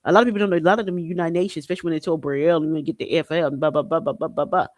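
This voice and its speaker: A man from Haiti hosts a casual commentary podcast, speaking in a slightly higher register than most men. His delivery is slangy and animated, punctuated by loud whooping exclamations. The recording is dry and close. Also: very fast, no room sound. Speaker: podcast host.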